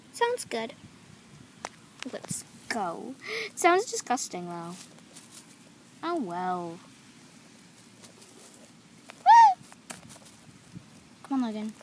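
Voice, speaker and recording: A woman voicing every figure in a homemade toy-figure story, excitable and giggly as she jumps between playful character voices. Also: on the high side, background noise. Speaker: toy video creator voicing all figures.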